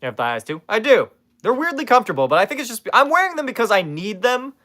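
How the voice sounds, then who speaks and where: A man's voice: extremely high pitch, sing-song, quick pace, pushed and bright. A man streaming from his room in casual chat, sarcastically roasting viewers and swearing freely.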